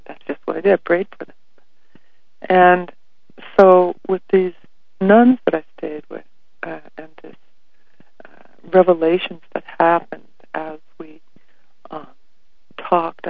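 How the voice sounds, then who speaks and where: A man and spiritual workshop leader telling personal stories in a reflective way, soft-spoken and often dropping to a near whisper. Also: on the high side, gravelly, no room sound. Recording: dry, phone-like narrow sound.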